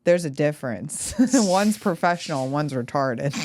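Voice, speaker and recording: A young adult woman hosting a podcast in casual chat, blunt and quick to laugh, with some swearing. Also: on the low side, a little mellow. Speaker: podcast host.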